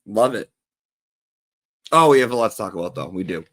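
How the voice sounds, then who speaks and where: Man, low voice, chatty comic teacher persona, gossipy and theatrical, dry close sound. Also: animated, a little fast, fairly bright tone, no echo. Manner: chatty, gossipy, swears casually. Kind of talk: gossipy livestream monologue.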